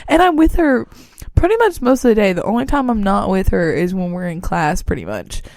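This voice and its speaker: A woman's voice: mid-range voice, big pitch swings, brisk, creaky, darkish tone, no room sound, clean studio sound. A young woman, a podcast guest, talking in a chatty, giggly way and often saying "like" and "bro". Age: young adult. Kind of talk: casual chat.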